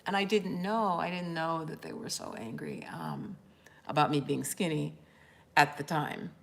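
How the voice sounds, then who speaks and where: A woman's voice: low voice, expressive, unhurried, creaky, a bit bright. A woman life coach chatting candidly on a live stream, rambling as she answers viewer comments.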